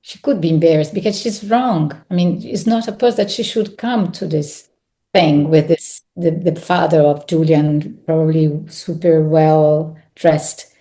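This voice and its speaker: Italian-accented woman, mellow and low. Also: measured pace. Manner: hesitant, reflective, restarts phrases. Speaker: actress and guest. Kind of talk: podcast interview.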